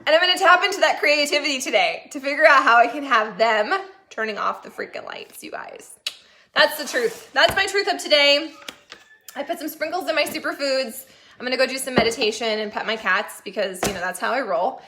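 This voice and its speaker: A woman's voice: high voice, lively intonation, brisk, sharp tone, slight background noise. A woman talking casually to camera in a motivational vlog, chatty and upbeat, with casual swearing. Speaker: vlogger.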